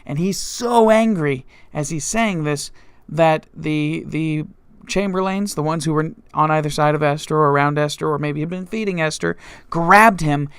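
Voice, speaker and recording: A man's voice: a little high, normal speed, a bit bright, smooth, no room sound. A male pastor teaching a Bible study, retelling scripture in his own words, with frequent restarts and fillers.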